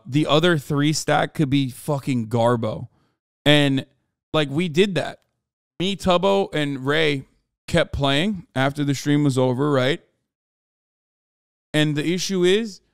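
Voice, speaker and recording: Male streamer, fairly high and smooth, swears freely, rambles and restarts, animated. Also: dry recording, studio quality. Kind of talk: casual livestream chat.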